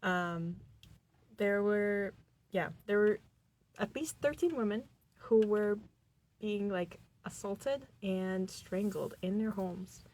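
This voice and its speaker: A woman's voice: mid-range voice, slow, darkish tone. A young woman from Boston co-hosting a podcast in a small studio, telling a case in casual chat, giggly and full of fillers. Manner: giggly, rambling with many fillers. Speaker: podcast co-host.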